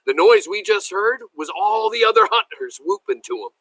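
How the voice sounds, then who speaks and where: A man's voice: high-pitched, very animated, moderate pace, fairly bright tone, dry recording, voice pushed up, full character voice, low-quality recording. A man voicing a good-humored, folksy older country judge in a read-aloud story. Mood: easygoing.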